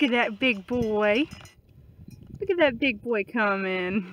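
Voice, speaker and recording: A woman's voice: on the high side, drawn-out words, pauses often. A woman homestead vlogger chatting casually outdoors in a pasture, cooing in baby talk to her goats and calling them in. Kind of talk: casual farm vlog chat.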